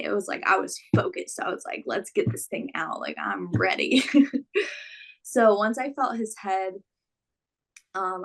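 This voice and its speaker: Chatty young woman with vocal fry. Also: medium pitch. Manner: relaxed, filler-heavy, chatty with laughs. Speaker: guest telling her birth story. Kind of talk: casual storytelling.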